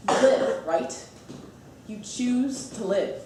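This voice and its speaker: A woman's voice: a little high, expressive, slow pace, darkish tone, a little hiss or hum. A woman playing a chatty, wistful narrator who confides in the audience during a stage musical. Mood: rueful. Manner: confiding, rambling asides to the audience. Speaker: stage actor. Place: theater stage. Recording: echoey stage from far off.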